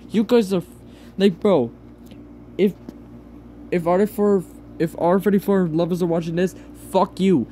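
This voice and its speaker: A man near tears in an upset vlog rant, pleading with viewers, swearing and halting over his words. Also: high voice, steady tone, mellow, slight background noise. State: close to tears. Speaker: channel owner.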